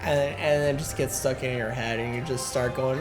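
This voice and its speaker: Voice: medium pitch, steady tone, normal speed, few pauses. A streamer rambling casually over gameplay, humming and muttering to themself, reading game lines aloud. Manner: rambling, hums and mumbles to self. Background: game music.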